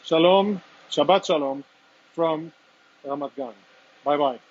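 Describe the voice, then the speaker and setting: A man speaking as a military spokesman, reporting live and earnestly from inside a damaged apartment, audibly emotional with halting restarts. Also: a little high, a little mellow, highs cut off. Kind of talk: live walk-through report.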